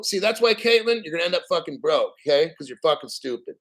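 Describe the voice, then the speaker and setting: A man's voice: a little high, big pitch swings, fast, few pauses, a bit bright. A man hosting a crypto channel, ranting bluntly and profanely in a casual livestream. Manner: mocking put-on quotes.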